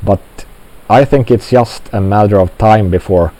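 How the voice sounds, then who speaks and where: Slow, mellow-voiced man rambling on. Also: on the low side, rough recording. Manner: slow, halting delivery with many fillers. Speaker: commentator. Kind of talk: rambling monologue commentary.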